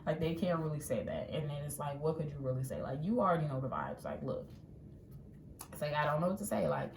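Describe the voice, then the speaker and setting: A woman giving a casual tarot reading in a chatty, animated way, acting out what people might say. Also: sits low, quick pace. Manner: chatty, animated, acts out quotes. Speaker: tarot reader. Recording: echoey room with faint ambient noise.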